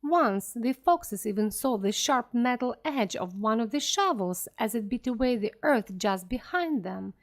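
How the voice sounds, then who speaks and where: Woman slowly reading a story. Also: fairly high pitch. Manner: clear, expressive storytelling. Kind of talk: slow scripted reading of a graded story.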